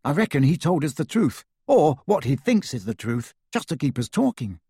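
A man's voice: fairly high pitch, big pitch swings, normal speed, warm tone, husky, dry recording, clean studio sound, full character voice. A man reading aloud voices a blunt, easygoing teenage boy wizard who argues casually. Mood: casual, arguing.

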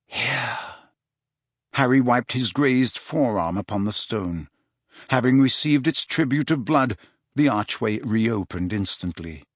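With a steady, measured delivery, a mid-range male voice reads scripted audiobook narration. There's no room sound, and the quality matches a studio.

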